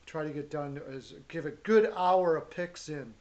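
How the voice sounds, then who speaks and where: A man hosts a relaxed sports chat show, upbeat and jokey as he runs through picks and greets his regulars. His voice sits a little high for a man. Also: a little slow, lo-fi sound. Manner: upbeat, loose, jokey, shouts out viewers. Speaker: show host. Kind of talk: casual hockey chat show.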